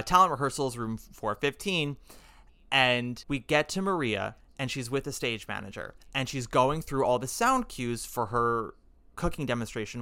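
Bright, animated man hosting a podcast. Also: mid-range voice, clear, resonant tone. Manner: animated, enthusiastic storytelling with acted-out quotes. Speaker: podcast host. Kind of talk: casual podcast chat.

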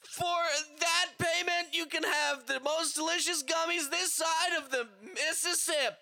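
A man co-hosting a comedy podcast, doing playful mock-salesman ad pitches. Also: fairly even intonation, unhurried, vocal fry, sharp tone. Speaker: podcast co-host.

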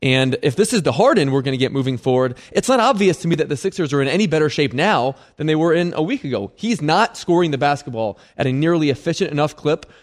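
A man giving measured, analytical basketball commentary that leans on precise stats. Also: on the high side, expressive.

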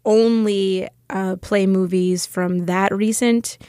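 A woman from Puerto Rico, a TV host who is a guest, chatting in a relaxed way. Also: mid-range voice, slow, no room sound, studio quality. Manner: relaxed, uses fillers like "uh" and "like". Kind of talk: casual chat.

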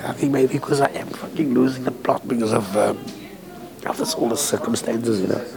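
A man's voice: mid-range voice, a little fast, creaky, a crowd in the background. Composer guy rambling and swearing, gets emotional, hospital room with people around. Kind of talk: candid emotional conversation.

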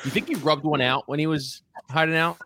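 Male co-host, slightly high voice, crude jokey banter, dry close mic. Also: steady tone, a little fast, pushed and bright, dry recording. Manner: joking and crude. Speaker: radio show host. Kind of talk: casual chat.

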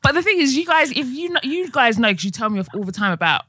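A woman co-hosting a casual chat podcast, her voice bright and forceful. She chats in a relaxed way, laughing and repeating phrases, recorded dry and close. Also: high-pitched, quick pace, dry recording. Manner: chatty, laughing, repeats words. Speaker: podcast co-host.

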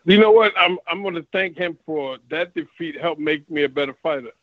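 A man's voice: a little high, a little fast, dry recording, narrow, tinny audio. A man, a former professional boxer, telling stories from his career in a casual interview and acting out the exchanges he quotes. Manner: animated, acts out quoted exchanges. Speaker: retired boxer, guest.

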